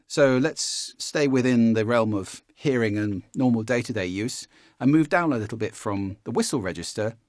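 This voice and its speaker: At a normal speed, a man teaches a spoken voice-coaching lesson, animatedly demonstrating pitch shifts by often changing his voice. The audio has studio quality and no echo.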